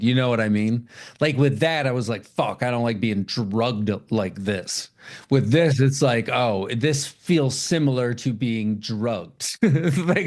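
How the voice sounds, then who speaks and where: A man's voice: mid-range voice, darkish tone. A middle-aged man, tired from little sleep, co-hosting a podcast in loose, rambling chat full of swearing. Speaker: podcast co-host. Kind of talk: casual chat.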